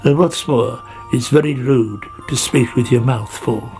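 A man's voice: mid-range voice, a little slow, a little mellow, soft background music, close to an everyday voice. A man voicing a weary, disapproving old male snail in a storybook, sighing and lecturing. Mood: prim.

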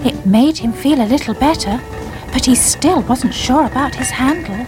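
A woman narrating a children's story in a gentle storybook manner, over soft music. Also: high voice, moderate pace.

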